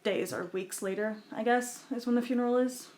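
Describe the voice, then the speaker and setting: A woman's voice: a little high, steady tone, a little fast, darkish tone, slight background noise. A woman from Quebec, a podcast guest, telling a personal story in a casual, chatty way, full of "like" and acted-out quotes. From Quebec, Canada. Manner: chatty, fills talk with "like" and "type thing"; acts out quotes in her story.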